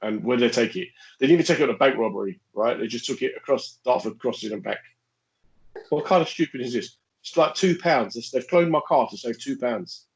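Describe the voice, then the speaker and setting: A man's voice: mid-range voice, a little fast, vocal fry, rough recording. A man co-hosting a podcast, chatting casually in an indignant, joking way. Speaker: podcast co-host. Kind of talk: casual chat.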